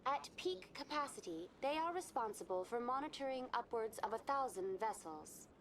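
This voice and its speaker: A calm virtual station guide. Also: female voice, fairly high pitch, moderate pace, a little hiss or hum, poor audio. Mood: informative. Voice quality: polished, even, informative delivery. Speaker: in-game information terminal. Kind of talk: scripted game voice acting. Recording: game audio with music behind.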